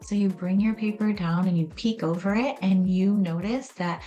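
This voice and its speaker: A woman's voice: mid-range voice, moderate pace, warm tone, dull audio, soft background music. A woman explaining how memory works in a casual, conversational way, acting out little scenes as she goes. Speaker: educator explaining memory and trauma. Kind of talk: explanatory video talk.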